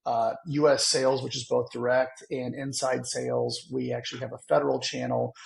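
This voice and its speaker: Gravelly-voiced man explaining enthusiastically. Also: mid-range voice, little pitch movement, normal speed. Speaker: guest, sales executive. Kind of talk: casual interview chat.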